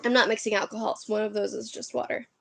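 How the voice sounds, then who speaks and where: A woman reading a children's book aloud on a livestream, expressive and chatty between chapters. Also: on the high side, fast talker, gravelly, noisy background. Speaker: reader.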